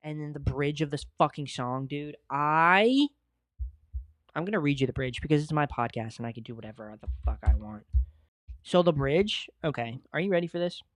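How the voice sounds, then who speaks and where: A young man hosting his own podcast, talking in a casual, excitable and profane way and gushing about favorite songs. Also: fairly high pitch, moderate pace, dry recording, studio quality. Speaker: podcast host. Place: home studio at a desk.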